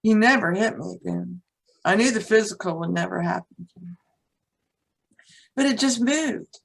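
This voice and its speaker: A woman's voice: medium pitch, moderate pace, gravelly, slightly rough, low-quality recording. A woman guest, a teacher and author, telling a personal story in conversation in a blunt, frank way and swearing casually.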